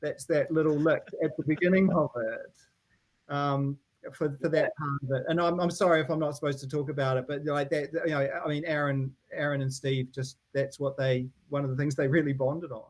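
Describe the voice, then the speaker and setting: A man's voice: fairly high pitch, flat delivery, normal speed. A man, a band member telling a laughing, rambling studio story and mimicking voices. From New Zealand. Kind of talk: casual storytelling interview.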